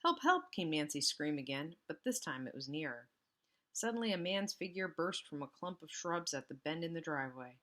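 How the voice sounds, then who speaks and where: A woman teacher reading a storybook aloud to students, expressive with casual asides. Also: sits low, normal speed.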